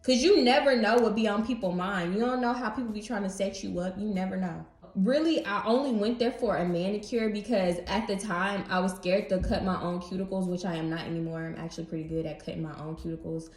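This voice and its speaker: A young woman casually telling a storytime story to her viewers, animated and slangy, speaking straight to camera. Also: medium pitch, fairly quick, few pauses. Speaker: beauty vlogger. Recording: roomy echo.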